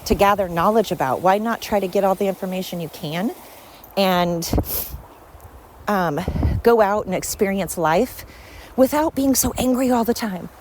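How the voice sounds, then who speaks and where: A woman's voice: mid-range voice, normal speed, slight background noise. A woman hosting a podcast alone, talking in a blunt, opinionated and rambling way. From Sweden. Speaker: podcast host. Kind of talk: casual solo monologue.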